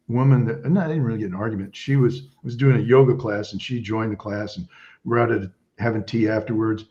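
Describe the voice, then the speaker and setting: A man's voice: mid-range voice, a little mellow, lo-fi sound. A man in his seventies, a veteran guest, telling stories in a rambling casual chat. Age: 70s. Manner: rambling storyteller, restarts often. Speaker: guest, Vietnam veteran and author.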